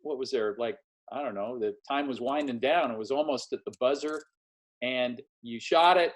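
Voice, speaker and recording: A man hosting a casual interview over a video call, telling stories in an animated way and acting out what people said. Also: mid-range voice, normal speed. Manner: animated storyteller, acts out quotes. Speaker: podcast host and former game announcer.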